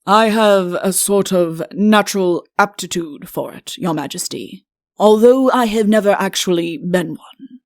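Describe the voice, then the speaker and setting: A woman voicing a self-pitying, deposed male king in an audiobook, speaking slowly and earnestly. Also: mid-range voice, dry recording, clean studio sound, natural voice. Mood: earnest pleading. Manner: slow, earnest, imploring delivery. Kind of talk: audiobook character reading.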